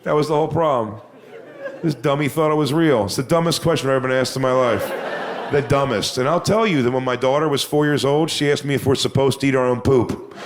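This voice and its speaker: Crude deadpan stand-up comedian, a man. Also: medium pitch, fast talker, crowd noise. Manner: crude, deadpan storytelling with mocking voice impressions. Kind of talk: stand-up set.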